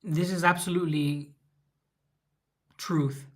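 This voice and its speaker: A man's voice: on the high side, steady tone, slow pace. A man from California hosting a casual livestream, rambling with many fillers as he reacts to viewer comments. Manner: rambling, many fillers, reads chat aloud. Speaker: livestream host.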